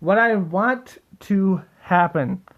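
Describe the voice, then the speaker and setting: Young male host, high-pitched, rambling and excitable, casual delivery with constant fillers. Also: takes it slowly, muffled recording. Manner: rambling, full of "like" and restarts, excitable. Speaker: theory video host. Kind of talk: casual solo monologue.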